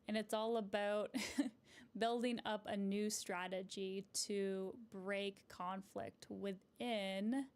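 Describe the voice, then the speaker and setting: A woman therapist talks through relationship advice on a live stream, pausing to answer viewer comments as they come in. Her voice sits at an ordinary middle pitch. She explains things in a gentle, encouraging way and keeps tagging her points with a friendly "right?". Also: clean tone. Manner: conversational, often ends points with a checking "right?". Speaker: couples therapist.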